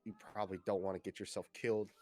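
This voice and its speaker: A man's voice: on the low side, little pitch movement, very fast, a little mellow, no echo, faint music behind, lightly acted. A man voicing a weary, stern female guard captain who gives blunt, dry warnings in a tabletop game.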